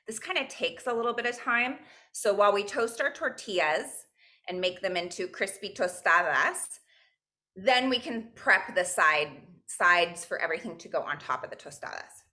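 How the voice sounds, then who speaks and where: A woman's voice: mid-range voice, lively intonation, measured pace, bright, forceful tone. A woman teaching a virtual cooking class, upbeat and encouraging, weaving Spanish words and counting into her instructions. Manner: upbeat, mixes in Spanish phrases and counts aloud. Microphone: video call.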